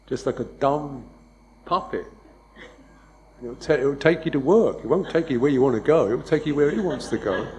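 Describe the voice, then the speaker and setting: A man teaching meditation in a loose, conversational dharma talk, wry and quick to laugh, checking in with "yeah?". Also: mid-range voice, lively intonation, mellow, a little hiss or hum, low-quality recording. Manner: wry, laughs often, mimics hurried speech and beeps.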